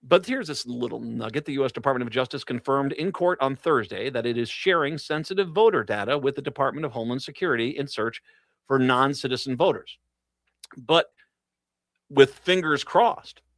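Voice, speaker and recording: A man's voice: mid-range voice, vocal fry, fairly bright tone, no echo. A man hosting a political talk radio show, reading news stories and breaking into sarcastic, mocking asides with laughs.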